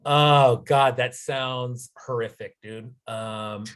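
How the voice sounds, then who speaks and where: A man's voice: mid-range voice, normal speed, breathy edge. A middle-aged man from the United States hosting a podcast in a laid-back, casual way, often saying dude and man. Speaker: podcast host. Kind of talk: casual chat.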